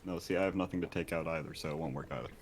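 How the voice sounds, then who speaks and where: A man's voice: extremely low pitch, racing, slight background noise. A man playing in a tabletop game, chatting casually and making teasing jokes. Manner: joking, teasing. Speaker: player.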